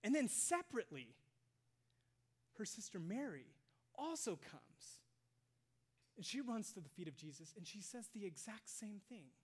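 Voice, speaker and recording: In a church sanctuary before his congregation, a pastor preaches a sermon, swinging from loud emphasis to hushed near-whispers and posing rhetorical questions. His mid-range voice has big pitch swings and a breathy edge, and he keeps a moderate pace with frequent pauses.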